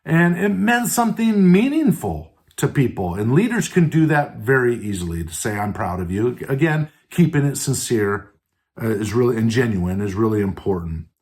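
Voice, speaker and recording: A podcast host delivers an earnest motivational talk on leadership, stressing words through tone, putting questions to the listener, and often adding "right?" and "and so forth." His mid-range voice has big pitch swings and a darkish tone, at a moderate pace.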